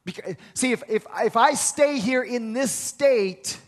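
A man preaching a sermon, retelling a scripture story with lively acted-out quotes and frequent restarts. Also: extremely high pitch, measured pace. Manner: animated storytelling, acts out quoted voices, many restarts.

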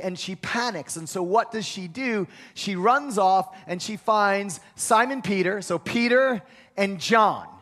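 High-voiced animated male preacher. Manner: animated storytelling, acts out quoted voices, many restarts. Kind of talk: sermon.

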